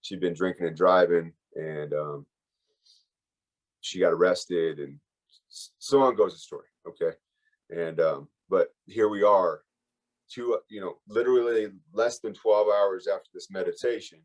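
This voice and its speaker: A man's voice: low voice, measured pace, muffled recording. A man giving a candid, emotional personal recovery share as a workshop speaker, rambling and full of fillers.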